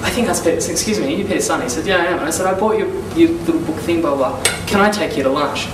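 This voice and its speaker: A young man recounts his early business days in a casual, animated way, slipping into the voices of the people he talked to. He sounds set back from the mic in an echoey room, with steady noise behind him and a middling pitch. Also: very fast, distant mic. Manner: animated storyteller, acts out phone calls and quotes. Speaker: business consultant giving a testimonial. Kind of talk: casual storytelling testimonial.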